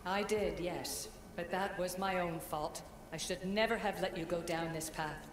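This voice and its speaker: An actress playing a stern, cautious woman in a video game cutscene, speaking in a measured, disapproving way. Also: fairly low pitch, lightly acted. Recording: echoey game audio with ambient noise.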